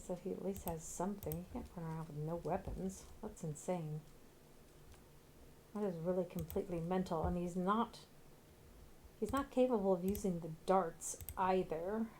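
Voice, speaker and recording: A woman's voice: lowish voice, a little mellow, slight background noise. A woman streaming a video game, chatting casually and bluntly, now and then swearing. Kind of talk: casual gameplay commentary.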